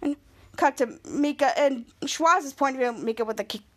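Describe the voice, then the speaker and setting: A woman's voice: sits high, moderate pace. A young woman casually recapping a TV episode, acting out the characters' lines with gasps and shifting voices. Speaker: podcast host recapping a TV episode.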